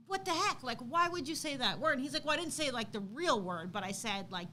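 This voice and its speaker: A woman in her thirties co-hosts a casual livestream chat. Her voice is bright and pitched a little high. She tells stories with animated energy and gets loud when she acts out what people said. A faint hiss runs behind her. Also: quick pace, few pauses. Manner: animated storytelling, acts out quotes loudly. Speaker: co-host.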